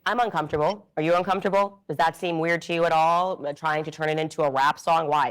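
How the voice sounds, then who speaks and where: A commentator reacting to a clip with incredulous, rapid-fire questions. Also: medium pitch, fairly even intonation, a bit bright.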